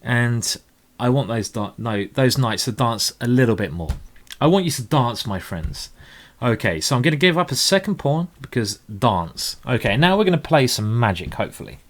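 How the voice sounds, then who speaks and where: A man's voice: mid-range voice, very animated, moderate pace. A man commentating live blitz chess games, rambling and emotional with tipsy asides. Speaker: chess streamer.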